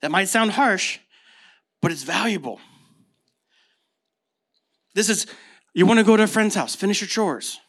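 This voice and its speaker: At a measured pace with long pauses, an American pastor in his thirties preaches in a high, husky, fairly bright voice with lively intonation. The sermon is relaxed and conversational, built around stories and rhetorical questions.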